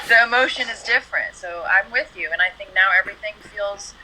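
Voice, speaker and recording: A woman singer being interviewed, talking in a relaxed, chatty way, often saying "you know" and "like". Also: medium pitch, a little fast, heavy background noise. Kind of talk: casual interview chat.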